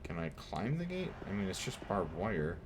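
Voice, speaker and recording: A man with a very low voice gives loose, wisecracking commentary as he plays a horror game, chatting to the on-screen characters and cursing when he gets frustrated. A steady hiss of noise sits under his voice. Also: normal speed. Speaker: gameplay streamer. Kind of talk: casual let's-play commentary.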